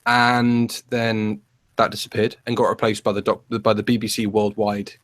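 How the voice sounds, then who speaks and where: A man's voice: lowish voice, normal speed. Rambling man chatting. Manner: rambling, animated storytelling with many restarts. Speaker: podcast co-host. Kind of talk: casual chat.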